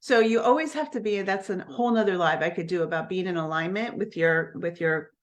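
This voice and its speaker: A woman's voice: lowish voice, a little fast. A woman who coaches network marketers, telling a personal story on a live stream in a candid, earnest way, often restarting her sentences.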